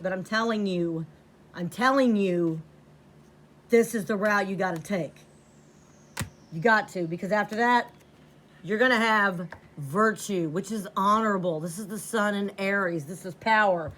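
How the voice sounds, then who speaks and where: A woman's voice: mid-range voice, a bit bright. A woman giving a tarot reading to camera, blunt and profane, repeating lines for emphasis. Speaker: tarot reader.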